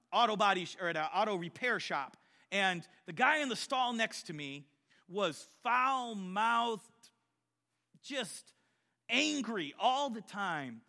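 Animated high-voiced male preacher. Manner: animated, swings from quiet storytelling to loud exhortation. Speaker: pastor. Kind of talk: sermon with personal stories.

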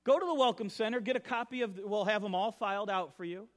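Preaching from the pulpit at a quick pace, a middle-aged pastor uses a fairly high voice and tells stories as if among friends. He drops into quiet asides, then presses hard on key lines.

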